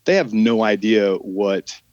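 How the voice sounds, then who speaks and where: A man's voice: on the low side, slow pace, darkish tone, no room sound, muffled recording. A man with a Southern American drawl, an actor guest talking in a casual podcast interview, rambling with many restarts and trailing sentences.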